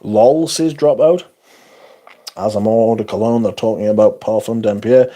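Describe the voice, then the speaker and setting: Husky, lively man ranting casually. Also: medium pitch, normal speed. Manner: blunt, profane and sarcastic. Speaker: livestream host. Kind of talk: casual livestream chat reading comments.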